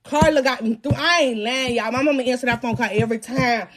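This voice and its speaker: A young woman hosts a live show with a high, bright voice. She tells her story in slangy, lively talk and keeps turning to the crowd to pull them in. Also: brisk. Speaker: podcast host.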